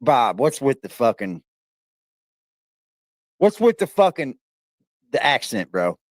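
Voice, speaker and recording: A man on a livestream, sick and low on energy, talking in a crude, slangy way with lots of swearing. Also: big pitch swings, takes it slowly, no echo, studio quality. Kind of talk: livestream chat.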